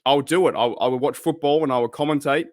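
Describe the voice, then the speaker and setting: An Australian man hosts his own channel, chatting casually about football as a fan, with plenty of fillers and rambling tangents. His voice sits on the high side and he talks quickly. The recording is dry and clean, with a studio sound.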